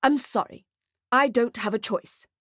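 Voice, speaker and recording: A woman's voice: a little high, measured pace, fairly bright tone, no room sound, studio quality. A woman voicing a weary male boss who scolds firmly in an audiobook. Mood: stern. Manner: firm, scolding.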